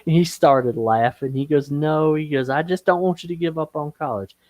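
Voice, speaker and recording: A man on a live stream call, telling a personal story slowly and with feeling. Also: fairly high pitch, darkish tone, no room sound. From Okeechobee, Florida. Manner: slow, emotional storytelling, breaks into singing gospel and country songs. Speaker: guest.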